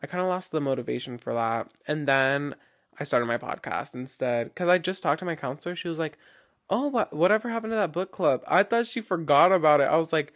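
Rambling young man podcasting, higher voice. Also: fairly quick, a bit bright. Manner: rambling, chatty, heavy filler "like", frequent restarts. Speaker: podcast host. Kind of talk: casual solo podcast monologue.

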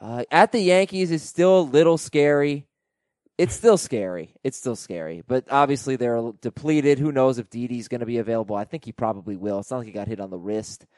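A man hosting a fantasy baseball podcast, chatting casually and reading listener emails aloud with animated delivery. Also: mid-range voice, brisk, dry recording. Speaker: podcast host.

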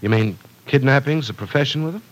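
A man's voice: mid-range voice, fast, lightly acted, rough recording. An actor playing a businessman anxious for news of a kidnapping in a 1940s radio drama. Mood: concerned.

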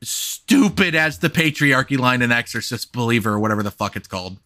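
Emphatic, swearing podcast host. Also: male voice, mid-range voice, lively intonation, fairly quick, sharp tone, dry recording. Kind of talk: casual film discussion.

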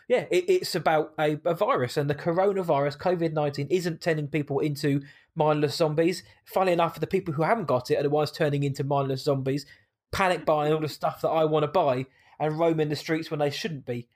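Lively man reviewing films. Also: a little high. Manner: animated and emphatic, quick to laugh. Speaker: podcast co-host. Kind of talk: casual movie-review chat.

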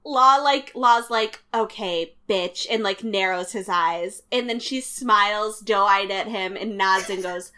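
A woman's voice: mid-range voice, measured pace, few pauses, sharp tone, a little hiss or hum. A young woman co-hosting a podcast, recapping a TV show with dry, teasing remarks. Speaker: podcast co-host. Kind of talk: casual chat recapping a TV show.

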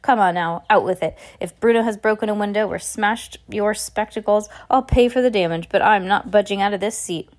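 A woman's voice: medium pitch, brisk, hardly any pauses, lightly acted. Woman reading blustering middle-aged dad, indignant, short-tempered, storybook.

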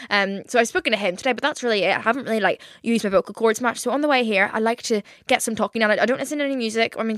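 A young woman hosting a podcast alone, rambling and self-mocking in casual chat, swearing freely and talking quickly in a studio. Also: mid-range voice, a bit bright, dry recording. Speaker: podcast host. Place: recording studio.

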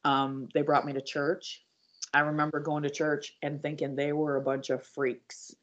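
A woman guest on a podcast, earnestly telling her personal story with halting restarts and speaking straight to her listeners. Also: deep voice, level tone. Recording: dull lo-fi audio.

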